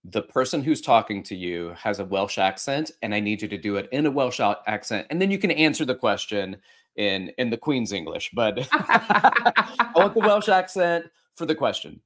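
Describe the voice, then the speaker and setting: A man hosting a casual interview, playful and quick to jump in with questions. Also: medium pitch, big pitch swings, fairly bright tone. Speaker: podcast host.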